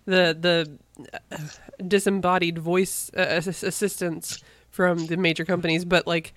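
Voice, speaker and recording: A podcast co-host chatting casually, halting and restarting as they think aloud. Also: mid-range voice, level tone, a bit bright, no room sound. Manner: halting, lots of fillers and restarts. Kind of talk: casual chat.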